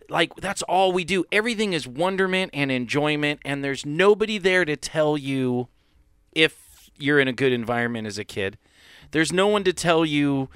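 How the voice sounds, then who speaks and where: A man's voice: fairly high pitch, a bit bright, smooth, no room sound, studio quality. A man co-hosting a podcast, talking casually and explaining his ideas at length. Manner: earnest, rambling explainer. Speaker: podcast co-host.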